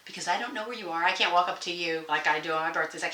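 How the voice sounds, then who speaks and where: A woman's voice: on the low side, racing, hardly any pauses, sharp tone. A woman, hosting a casual sewing vlog from her sewing room, folksy and rambling with frequent laughs. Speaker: sewing channel host. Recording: echoey room, faint noise.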